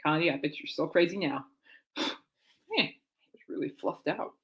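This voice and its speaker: A woman hosting her own podcast, chatting in a rambling, excitable way that often trails off and restarts. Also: sits low, measured pace. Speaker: podcast host. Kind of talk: rambling casual chat.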